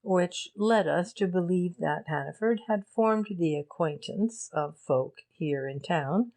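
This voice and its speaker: A shrewd gentleman walks through his reasoning in a low, unhurried voice, voiced by a woman reading an audiobook. His manner is measured and deliberate, each point placed with care. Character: shrewd male gentleman explaining a case.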